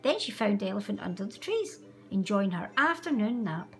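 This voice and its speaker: A woman reading a children's picture book aloud with an expressive, animated delivery. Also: mid-range voice, normal speed, few pauses, faint music behind. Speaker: storyteller. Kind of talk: children's story read aloud.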